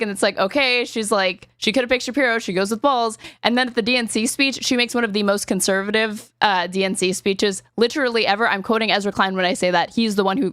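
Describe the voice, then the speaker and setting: A woman hosting a podcast, arguing politics in quick, filler-heavy speech. Her voice sits at a middle pitch. The recording is dry and close, with no room sound. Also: a bit bright, clear, resonant tone, dry recording. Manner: rapid, argumentative, heavy on filler words and swearing. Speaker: podcast host. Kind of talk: casual political chat.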